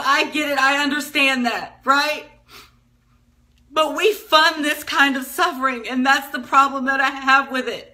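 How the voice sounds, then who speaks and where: A woman's voice: sits high, moderate pace, sharp tone. A woman in her thirties making an impassioned, emotional appeal, tearful and pleading, often repeating herself. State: tearful, crying at times. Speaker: speaker addressing the public.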